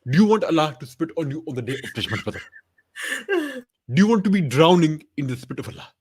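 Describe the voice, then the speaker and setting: A man doing a comic impression of a pompous male preacher, speaking slowly in a deep, mock-solemn voice. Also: sing-song, a little mellow, husky. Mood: mock preachy. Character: pompous middle-aged male preacher lecturing a critic.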